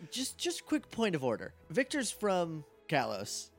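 A man playing a tabletop game, talking with a lot of movement in his pitch, which sits a little above the usual. He is playful and animated as he acts out his turns. Faint music plays in the background. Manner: playful and animated, quick to laugh. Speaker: player.

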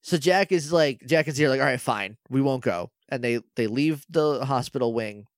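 A man's voice: mid-range voice, normal speed, dry recording. A man co-hosting a podcast, casually recapping an episode and acting out the characters' lines with playful voices. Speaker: podcast co-host. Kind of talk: casual chat recapping a show.

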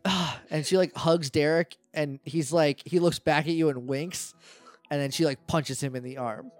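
A man's voice: fairly high pitch, steady tone, normal speed, no echo, soft background music. Chatty man running a tabletop game. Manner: loose, chatty narration full of fillers, voicing characters. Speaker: game master. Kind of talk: narrating a tabletop game podcast.

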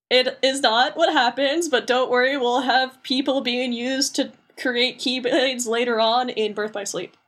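A woman's voice: high voice, fairly even intonation, slow pace, a bit bright. A woman co-hosting a podcast, casually recapping a video game in a rambling, joking and blunt way, full of fillers. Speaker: podcast co-host.

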